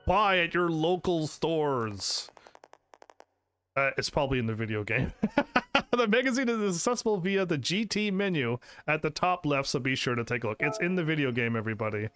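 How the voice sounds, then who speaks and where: This is a man talking over his own gameplay, his voice sitting a little high for a man. He swings between reading menu text aloud and sarcastic, excited asides to his viewers. Soft game music plays faintly behind him. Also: quick pace. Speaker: gaming channel host. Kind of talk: let's play commentary.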